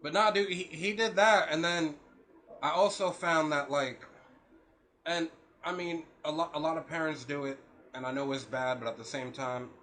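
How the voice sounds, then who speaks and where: A young man in casual podcast chat, telling stories with a lot of swearing and acting out what people said. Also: a little high. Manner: animated, profane, acts out quotes. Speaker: podcast co-host.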